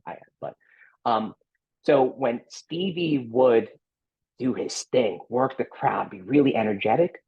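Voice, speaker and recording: Husky-voiced animated man, lo-fi sound. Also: medium pitch, unhurried. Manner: animated, emphatic, outgoing. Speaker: podcast guest, executive recruiter. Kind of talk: casual interview talk.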